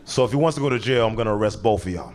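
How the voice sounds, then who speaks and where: A man in his thirties telling a stand-up story in an animated way, stumbling over words and laughing as he goes. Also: fairly low pitch, very fast. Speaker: stand-up comedian. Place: stage in a comedy venue.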